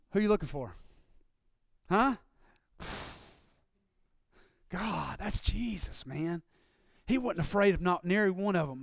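A man preaching a sermon in a church, moving from quiet, confiding talk up to loud, shouted preaching. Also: high-pitched, creaky, no room sound, studio quality. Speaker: pastor. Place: church sanctuary.

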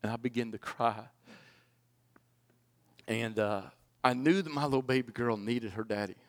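A man's voice: fairly even intonation, normal speed. Man preaching a personal testimony. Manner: swings from loud pleading to hushed and low. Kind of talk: sermon testimony.

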